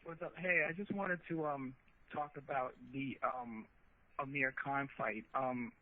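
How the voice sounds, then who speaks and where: A man calling in to a radio show, halting and filling gaps with ums. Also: medium pitch, fairly even intonation. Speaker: caller. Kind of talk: phone-in call to radio. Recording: tinny phone line.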